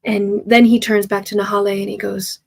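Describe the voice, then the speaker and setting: A woman narrates a tabletop game as game master, speaking haltingly with lots of fillers and restarts. Her voice is mid-range, level in tone, and creaky.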